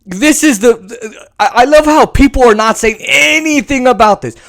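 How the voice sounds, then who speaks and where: A man's voice: very high-pitched, moderate pace, creaky. A man hosting a podcast, delivering sarcastic, profane political rant commentary. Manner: sarcastic, profane, animated ranting. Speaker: podcast host.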